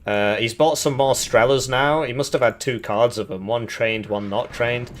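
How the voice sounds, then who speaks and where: A man's voice: medium pitch, fairly even intonation, moderate pace, slight background noise. A man from the United Kingdom giving casual, rambling commentary on a strategy game tournament, chuckling often and answering chat questions.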